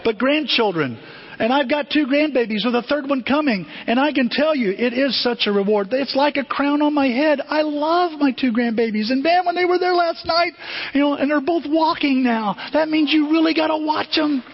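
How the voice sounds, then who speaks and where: A man's voice: very high-pitched, moderate pace. An older man, a pastor, preaching a sermon and telling stories, acting out the voices of people he quotes. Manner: storytelling, animated, acts out quoted voices. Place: church sanctuary. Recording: dull long-reverb church hall.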